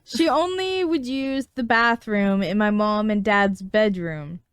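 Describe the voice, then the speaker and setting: Casting: woman podcast host, smooth clear voice, dry close mic, casual storyteller. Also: mid-range voice, slow pace, no echo. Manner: storytelling with frequent laughs. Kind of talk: casual chat reading a listener story.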